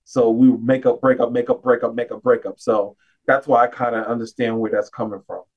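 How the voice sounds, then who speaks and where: A man's voice: mid-range voice, flat delivery, fairly quick, far from the mic, lo-fi sound. Easygoing male podcast guest. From United States. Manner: loose, filler-heavy, heartfelt. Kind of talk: casual podcast chat.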